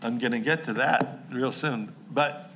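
A man's voice: mid-range voice, very noisy. A man preaching a sermon in a New Jersey accent, talking in a chatty, joking way with asides to his congregation. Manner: conversational and jokey, quick asides to the congregation. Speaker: pastor.

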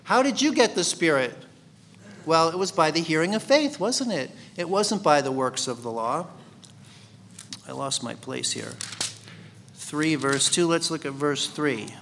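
A man's voice: a little high, animated, measured pace, vocal fry, a bit bright, a little hiss or hum. A man teaching a Bible study sermon in a conversational way, asking his listeners questions. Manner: conversational, asks the congregation questions.

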